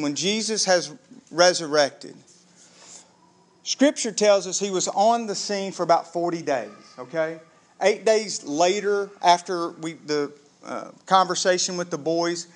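Preaching with lively storytelling, a male pastor whose voice sits unusually high for a man takes on the voices of the story's characters as he goes.

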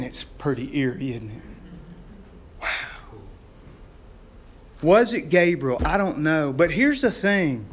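A man preaching a sermon as pastor, telling the story in a lively way with frequent laughs and rhetorical questions. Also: medium pitch, slight background noise.

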